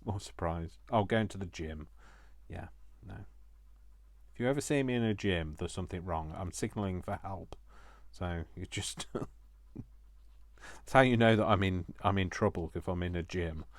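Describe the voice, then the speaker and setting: Jokey self-mocking man, low voice. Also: normal speed, pauses often, dry recording. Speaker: craft vlogger. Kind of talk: chatty crafting commentary.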